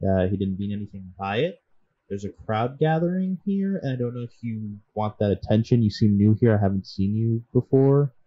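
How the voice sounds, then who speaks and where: A man voicing a young ninja who speaks politely and tries to calm a quarrel. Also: fairly low pitch, normal speed, highs cut off. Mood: placating. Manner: placating, polite.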